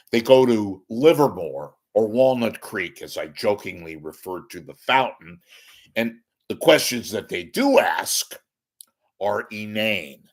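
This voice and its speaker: Man, rambling host, wisecracking, profane, lively swoops in pitch, low-ish voice, throat clearing. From San Francisco Bay Area. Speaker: host of a media commentary show. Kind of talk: casual rant to camera. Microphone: webcam or camera at desk.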